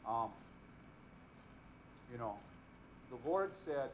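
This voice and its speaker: A man's voice: mid-range voice, slow, pauses often, a little hiss or hum, low-quality recording. A man preaching a casual Bible lesson, chatting with the audience, asking them questions and joking as he goes. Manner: conversational, often asks the audience questions; relaxed and joking, chuckles while speaking.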